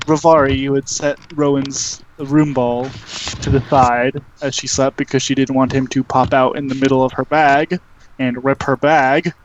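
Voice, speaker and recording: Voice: medium pitch, darkish tone, dull audio, slight background noise. A game master narrating a tabletop game in a rambling, hesitant way with many fillers.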